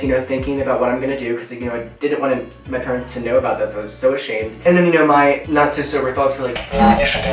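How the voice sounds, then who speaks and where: Young man vlogger, chatty storyteller doing voices, distant roomy sound. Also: medium pitch. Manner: animated, acts out voices in his story. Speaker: vlogger telling a story while doing makeup. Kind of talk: casual storytelling while following a tutorial. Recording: echoey room, voice from off-mic, faint music.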